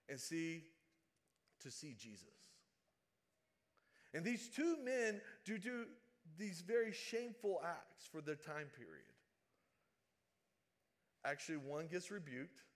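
Dynamic male preacher, loud and hushed. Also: a little high. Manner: dramatic swings from loud calls to hushed asides. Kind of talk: sermon.

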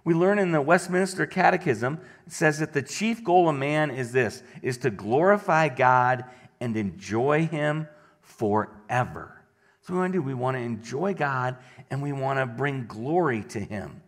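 A middle-aged male pastor delivering a casual, conversational sermon after a quiet opening prayer. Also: medium pitch, animated, moderate pace.

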